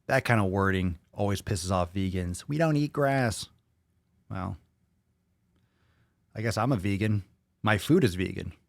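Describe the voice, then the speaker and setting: A man's voice: sits low, moderate pace, creaky, long pauses, no room sound, clean studio sound. Blunt, profane man on a podcast. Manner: blunt and profane, reacting to viewer comments. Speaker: podcast host reading comments. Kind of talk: casual chat.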